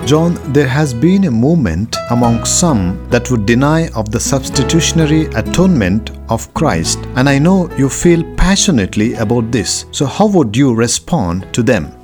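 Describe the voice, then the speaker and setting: A man co-hosting, asking a measured interview question. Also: medium pitch, big pitch swings, over music. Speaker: radio co-host.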